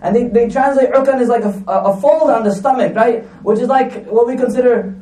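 A man's voice: very high voice, a little fast, warm tone. A man giving a conversational religious talk, telling stories with asides and fillers. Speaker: preacher. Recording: echoey room, mic at a distance.

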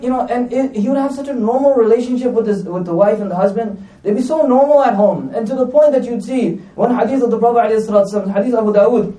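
A man's voice: very high voice, dark tone. A man giving a conversational religious talk, telling stories with asides and fillers. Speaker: preacher. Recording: echoey room, mic at a distance.

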